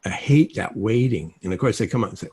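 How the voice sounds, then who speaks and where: Gravelly, husky man teaching. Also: lowish voice, fast talker. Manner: animated storytelling, acts out quoted dialogue. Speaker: self-help speaker. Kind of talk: casual teaching talk. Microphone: video call.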